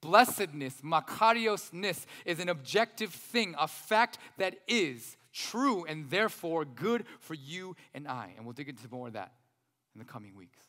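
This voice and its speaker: A man in his thirties preaching a sermon as pastor, animated, with joking asides to the congregation. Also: fairly high pitch, a little slow. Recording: reverberant hall.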